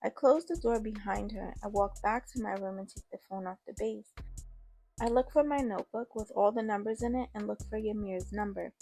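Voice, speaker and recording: A woman's voice: medium pitch, a little fast, creaky, warm tone. A woman narrating a first-person story in a casual, conversational way.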